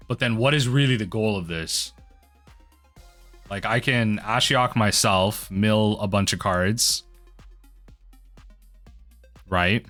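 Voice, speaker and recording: A man commentating his own card game match for a video, muttering quietly at times and then bursting into excited yells. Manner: mutters low then erupts into excited yelling. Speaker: gaming video host.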